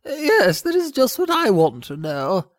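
A man voicing a prim, proper mother duck in a storybook, pitching his voice high. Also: wildly swooping pitch, a little slow, no room sound, clean studio sound, heavily acted. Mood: eager.

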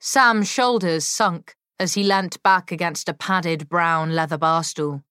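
A woman reading a novel aloud as narrator, in an expressive, unhurried way. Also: fairly low pitch, smooth, no room sound, clean studio sound. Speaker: audiobook narrator. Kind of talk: scripted narration.

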